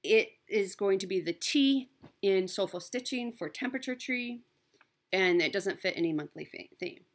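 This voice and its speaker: A woman's voice: mid-range voice, expressive, normal speed. A woman chatting casually as a cross stitch vlogger, upbeat and talkative, with frequent ums and self-corrections. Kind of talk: casual show-and-tell chat.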